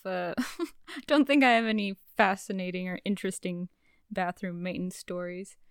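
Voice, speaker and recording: A woman's voice: fairly low pitch, fairly even intonation, normal speed, clear, resonant tone, no room sound. A woman co-hosting a podcast, chatting casually with a dry, joking manner and frequent laughter. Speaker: podcast co-host. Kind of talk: casual chat.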